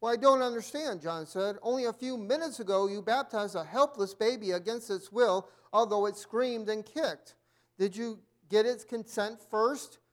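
Stern old-time male preacher, firm and high-voiced, read aloud by a man. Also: moderate pace, lightly acted.

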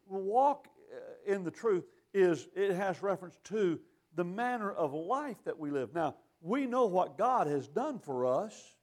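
A man's voice: high-pitched, sing-song, unhurried, hardly any pauses, a little mellow. A man preaching a sermon in a folksy, emphatic way, quoting scripture.

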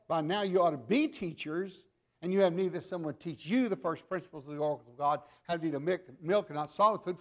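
Older male preacher, fairly high voice, animated storyteller, switches between loud emphasis and soft asides. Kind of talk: sermon.

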